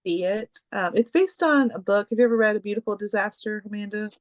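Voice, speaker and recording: A woman's voice: medium pitch, fast, dry recording. A woman co-hosting a podcast, chatting casually and rambling through stories. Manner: chatty, rambling, with many fillers. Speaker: podcast co-host. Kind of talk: casual chat.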